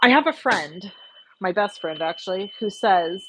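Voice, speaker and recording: In a noisy setting, a woman with an animated mid-range voice talks at normal speed. She hosts a card-making livestream, chatting loosely with viewers while working, reading their comments aloud and swearing a little.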